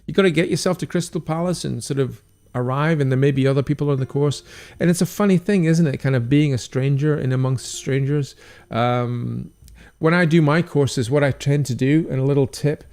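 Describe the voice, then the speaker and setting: Gravelly Scottish man, chatty livestream host. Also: mid-range voice, fairly quick, a little mellow. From Scotland. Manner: chatty, encouraging, reads viewer comments aloud. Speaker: stained glass artist hosting a livestream. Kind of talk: casual livestream chat.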